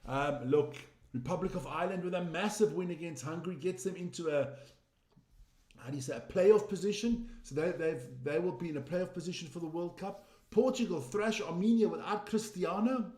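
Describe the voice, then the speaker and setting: A man's voice: high-pitched, moderate pace, a little mellow. A man hosting a casual sports results roundup, chatty, opinionated and teasing. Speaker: sports news host. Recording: roomy echo.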